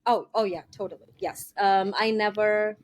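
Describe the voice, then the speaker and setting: A woman's voice: mid-range voice, fairly even intonation, moderate pace. A woman author being interviewed, talking casually with a nasal voice from a cold, hesitant with many ums and frequent laughs. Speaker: author guest.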